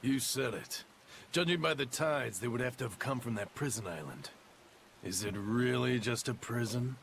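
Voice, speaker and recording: Brief: speculative fisherman for a game, gravelly, faint hiss. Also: medium pitch, lively intonation, moderate pace. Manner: dry, speculative, joking. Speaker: fisherman townsperson in a video game. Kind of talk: video game voice acting.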